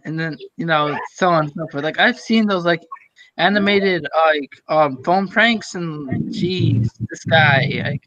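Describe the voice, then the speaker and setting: A young man in casual group voice chat, rambling and halting, full of fillers and restarts. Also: high voice, sharp tone, dry recording. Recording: dull lo-fi voice chat audio.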